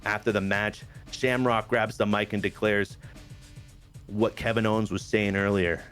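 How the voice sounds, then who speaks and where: A man who is getting over a cold, casually narrating wrestling matches from a video game storyline in a lively play-by-play. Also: lowish voice, moderate pace, faint music behind. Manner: lively play-by-play recap with asides. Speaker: game player and general manager.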